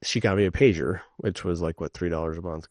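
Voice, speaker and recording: A middle-aged man with a fairly low voice co-hosts a casual podcast chat. He tells stories in an animated way and swears freely. The sound is dry and close. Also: fast talker, no room sound. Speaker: podcast co-host.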